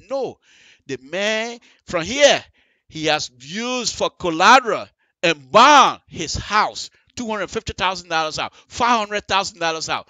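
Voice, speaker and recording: A man hosting a live radio call-in show, talking high and bright with emphatic, animated delivery. He repeats phrases and speaks straight to his listeners. The sound is dry and close-miked. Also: a little slow, no echo. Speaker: radio talk show host. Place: radio studio.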